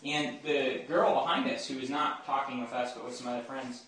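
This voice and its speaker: A man with a medium-pitched, fairly bright voice speaks a little fast in a casual Bible talk for a campus group, regularly checking in with them. Slight background noise is present, and the distant mic captures a very echoey room.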